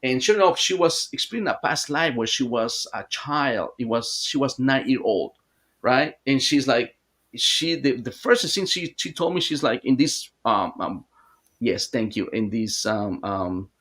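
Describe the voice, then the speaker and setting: A man guesting on an interview, telling a long story in a halting, rambling way with many restarts. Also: medium pitch, expressive, fairly bright tone. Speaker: hypnotherapist guest.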